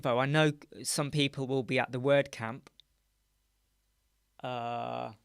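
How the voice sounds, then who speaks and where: A man hosting a casual live stream, chatting and muttering asides as he works on a website in a dark home studio with soundproof panels. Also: on the high side, gravelly, dry recording. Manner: chatty, muttering asides while working on screen. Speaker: live stream host, web designer. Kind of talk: casual live-stream chat while working.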